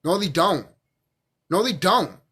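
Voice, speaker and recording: Husky, high-voiced drunk man ranting. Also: expressive, slow, sharp tone. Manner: profane, emphatic, repeats himself. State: drunk, stuttering a little. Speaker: vlogger. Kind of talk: rambling monologue to camera.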